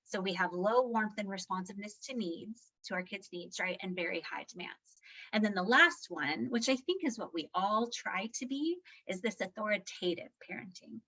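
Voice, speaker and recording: A woman's voice: mid-range voice, lively intonation, normal speed, a bit bright. A woman presenting a live parenting workshop in a conversational, candid way, often checking in with her audience. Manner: conversational, tags points with "right?"; candid and self-deprecating. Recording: slightly muffled lo-fi sound.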